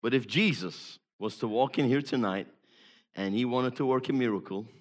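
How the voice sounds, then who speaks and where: A man preaching a sermon as an evangelist, emphatic, moving between hushed storytelling and loud exhortation. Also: mid-range voice, moderate pace.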